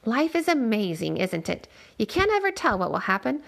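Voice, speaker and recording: Woman reading aloud as a gentle, musing dad, slightly gravelly. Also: a little high, sing-song, moderate pace, heavily acted. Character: thoughtful middle-aged father.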